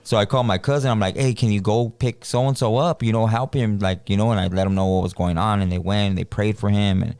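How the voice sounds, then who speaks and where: This man's voice sits on the low side, clear and resonant, and he talks fast with few pauses and no room sound. Co-hosting a podcast, he tells a loose, slangy story, animatedly acting out quoted voices.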